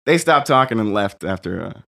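A young man, a comedian guest, telling stories in a casual chat, profane and animated, with shouted rants. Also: fairly low pitch, normal speed, gravelly.

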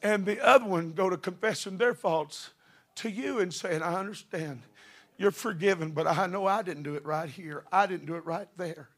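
A middle-aged man preaching a sermon with fervor, building to shouted passages. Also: sits high, normal speed.

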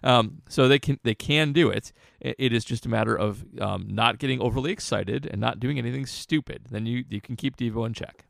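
A man with a gravelly, fry-tinged voice talks through football strategy on a podcast, stopping and restarting his sentences as he thinks. The sound is dry and close, with no room around it. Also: mid-range voice, dry recording. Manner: analytical, halting with restarts. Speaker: podcast co-host, football analyst. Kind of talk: casual sports podcast talk.

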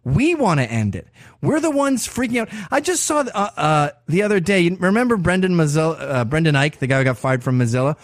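A man with a slightly high voice rants through a provocative, sarcastic podcast monologue full of swearing. His pitch swings widely as he mocks and jabs. The sound is dry and close, with no room around it. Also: expressive, fairly quick, no room sound. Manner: profane, provocative, sarcastic ranting. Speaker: podcast host. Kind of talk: opinion monologue.

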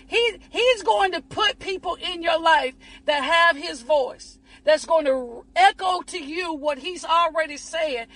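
A woman's voice: very high-pitched, fairly bright tone, poor audio. A woman giving a fervent preaching-style motivational talk, repeating herself and calling listeners honey and baby. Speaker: inspirational speaker.

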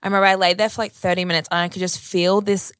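A woman's voice: medium pitch, little pitch movement, very fast, fairly bright tone, smooth, dry recording, studio quality. A woman, telling a long story in casual chat, rambling with lots of "like" and casual swearing.

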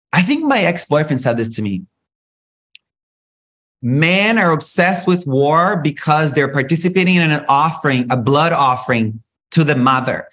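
A man hosts a solo spiritual podcast with a somewhat high voice. He talks in an animated, rant-like flow, swearing freely and swinging his pitch up and down. It sounds like an unscripted monologue. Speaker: podcast host.

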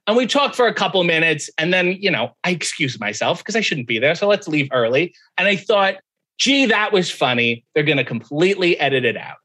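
Chatting casually as a podcast guest, a man tells a story and acts out the quoted voices with animation. His voice runs on the high side and a little fast.

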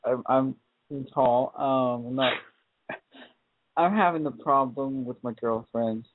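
An eighteen-year-old man from California calling into a podcast, speaking hesitantly with many pauses and ums. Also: medium pitch, slight background noise. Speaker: caller. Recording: tinny phone-line call.

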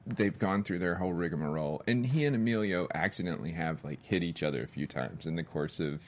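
A man's voice: low-pitched, a little fast. A man chatting as a podcast guest, telling stories animatedly and laughing often. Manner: animated storyteller, acts out quotes, laughs often. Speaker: guest, director. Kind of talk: casual podcast chat.

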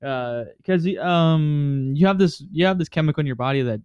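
A man's voice: fairly high pitch, moderate pace, darkish tone, clear, resonant tone, no room sound, lo-fi sound. A young man in casual chat, telling stories in a rambling way, with lots of fillers like "you know what I mean".

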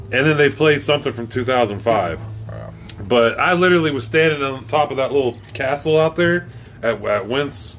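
A man with a mid-pitched voice that rises and falls a lot as he tells crude stories in casual chat. Faint music runs behind him. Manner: animated, profane storyteller. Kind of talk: casual storytelling.

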